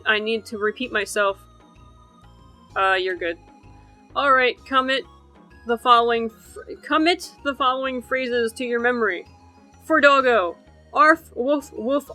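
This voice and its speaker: A young woman with a high, bright, sharp voice reads a fan comic dub aloud. She keeps it playful and loose, and she trips over words and starts lines again. Soft music plays faintly behind her. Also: rough recording.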